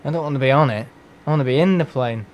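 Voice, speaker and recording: A man's voice: mid-range voice, quick pace. A man talks through a live game stream in a loose, rambling way. He is blunt and jokey and swears freely, in a mid-range voice.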